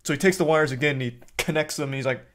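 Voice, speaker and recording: A man talks to his live chat in a loose, profane rant. His voice sits a touch high for a man, and his delivery is blunt and dismissive. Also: racing, a bit bright. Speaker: streamer.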